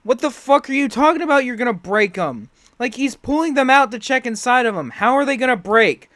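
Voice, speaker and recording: A man's voice: extremely high pitch, fairly quick, sharp tone, no room sound, clean studio sound. A man hosting a reaction video, giving sarcastic, profane commentary.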